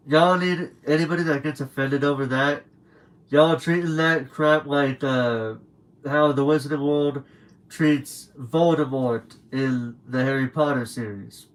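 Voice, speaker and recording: A man's voice: on the high side, poor audio. Rambling young man on a late-night stream. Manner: rambling storyteller who acts out quoted people. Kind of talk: casual late-night livestream chat. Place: at home.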